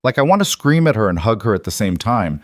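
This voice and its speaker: A man voicing a gentle, wry father, speaking in a soft, measured way. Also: fairly low pitch, big pitch swings, dry recording, studio quality. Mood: tender.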